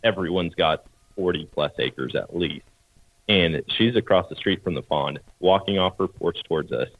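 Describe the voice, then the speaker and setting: A man with a low, deep voice tells a hunting story in a relaxed, plain-spoken way. The sound is dry, with no room echo. It is a little muffled. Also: moderate pace, slightly rough. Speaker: podcast co-host, hunter. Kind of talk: casual storytelling.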